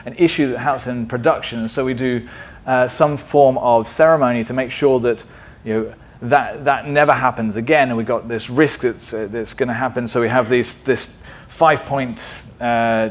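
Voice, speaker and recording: Male conference speaker, conversational presenter, often checks in with the audience, medium pitch. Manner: conversational, asks frequent "right?" checks. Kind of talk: tech meetup presentation.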